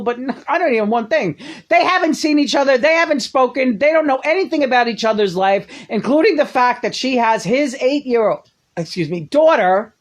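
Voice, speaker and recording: A woman's voice: high-pitched, lively intonation, a little fast. A woman casually ranting about a film, sarcastic and profane, often laughing as she talks. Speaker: movie reviewer. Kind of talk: casual rambling monologue.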